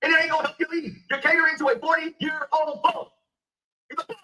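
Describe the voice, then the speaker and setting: This sports commentator is a man furiously cursing about basketball in an emphatic, heated rant. He talks fast in a very high voice that stays level in tone, pushed and bright, and the recording is rough.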